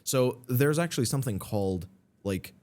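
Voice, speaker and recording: A young man in casual podcast chat, explaining at length in a relaxed way with frequent fillers. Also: mid-range voice, normal speed. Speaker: podcast guest.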